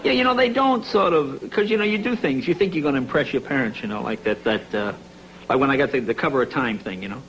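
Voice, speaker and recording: A man's voice: medium pitch, lively intonation, quick pace, a bit bright, poor audio. A man, a comedian guest on a talk show, telling a story and acting out both sides of the conversations. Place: TV studio with live audience. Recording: audience laughter and noise behind.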